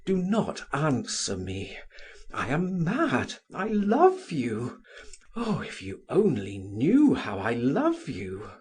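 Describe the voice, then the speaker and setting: A man's voice: mid-range voice, wildly swooping pitch, slow, darkish tone, slightly rough, exaggerated voice. A male narrator voicing a scheming young man who pleads his love earnestly, in an audiobook reading. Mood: passionate.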